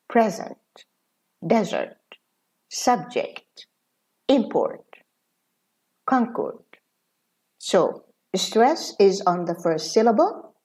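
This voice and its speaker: A woman professor of English teaching a pronunciation lesson, talking slowly and deliberately with frequent fillers. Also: medium pitch, a little mellow.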